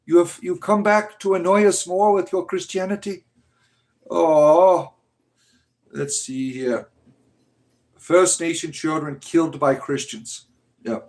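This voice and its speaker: A man's voice: on the high side, slow pace, pauses often, a little mellow. Sarcastic man hosting a livestream. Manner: sarcastic, scornful. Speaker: livestream host answering chat. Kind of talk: casual mocking chat.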